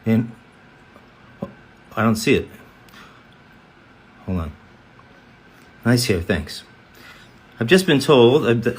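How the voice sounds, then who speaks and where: A voice actor hosts a live fan Q&A, reading comments aloud and answering each one chattily, now and then slipping into quick character voices. His voice is medium-pitched and a bit bright, with a breathy edge.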